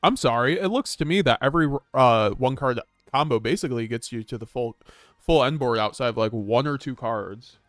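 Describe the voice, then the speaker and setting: A man streaming a card game, rambling casually to his chat with stumbles, restarts and quick chuckles. His voice sits at an ordinary middle pitch and sounds close and dry, with faint music in the background. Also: no echo. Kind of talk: live-stream gameplay commentary.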